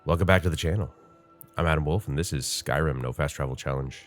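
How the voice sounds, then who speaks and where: A man with an extremely deep voice hosts a relaxed gameplay session, sounding congested as he rambles and thinks out loud. Faint game music plays quietly behind him. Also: quick pace. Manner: rambling, chatty, thinks aloud with many fillers. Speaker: gaming channel host. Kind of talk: casual gameplay commentary.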